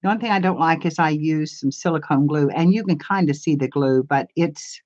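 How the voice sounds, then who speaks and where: On her crafts channel's live stream, an older woman answers viewers' comments in rambling, homey chatter. She has a deep, slightly mellow voice and talks fairly quickly. The camera mic produces a lo-fi sound.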